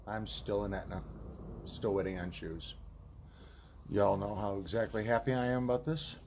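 A man's voice: fairly low pitch, steady tone, normal speed, background noise. A man vlogging on a long hike, talking casually to the camera and ranting in a tired, annoyed way. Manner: ranting, annoyed and tired, swears then apologizes. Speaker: long-distance hiker vlogger.

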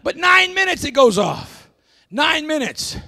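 A pastor preaching a folksy, emphatic sermon, often bursting into shouts. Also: male voice, very high voice, sing-song, measured pace.

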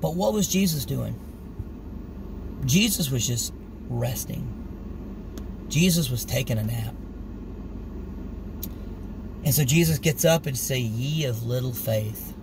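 A man's voice: medium pitch, expressive, slow pace, gravelly, pauses often, noisy background. A middle-aged man preaching informally on scripture, earnest and conversational, acting out the story with animation. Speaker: street preacher.

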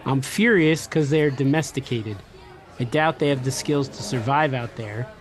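A male podcast co-host with a mid-range voice speaks at a moderate pace over soft background music and some chatter. In casual conversation he tells stories with jokey energy and reads listener letters aloud.

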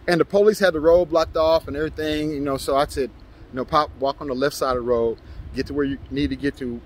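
Telling his channel about a tense street scene, a vlogger talks fast in a voice a little high for a man. His casual storytelling monologue is loose and conversational, growing lively and animated as he acts out his own shouts and the lines he quotes.

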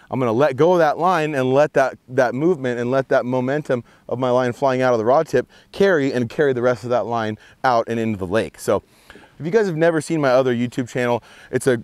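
A man hosting an outdoor fishing vlog from a boat on a lake, explaining casting tips and getting excited over his catches. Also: medium pitch, no room sound. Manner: excitable, whoops and shouts when fish jump.

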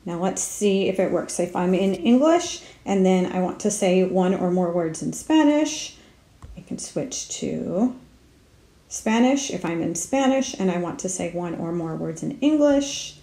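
Woman, speech therapist, app tutorial narration, talks herself through steps, mellow tone, roomy echo. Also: on the low side, animated, a little slow. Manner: talks herself through each step, with fillers. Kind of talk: screen-recorded app tutorial.

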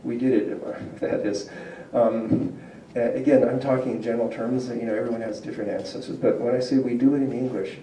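This speaker has a medium-pitched, mellow voice with a steady tone and a brisk delivery, and there's a slight hiss or hum. He's a man lecturing on linguistics to a community crowd, explaining patiently, quizzing the audience, and laughing frequently. The mic picks him up from far off in a spacious hall.

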